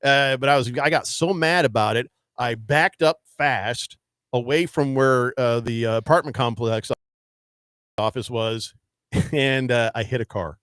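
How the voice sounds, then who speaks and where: A man's voice: medium pitch, a little slow, a bit bright, smooth, no echo, studio quality. A man hosting a sports talk radio show, telling stories in a casual, rambling way full of fillers. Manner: rambling with many fillers and restarts. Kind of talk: casual storytelling chat. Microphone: studio microphone.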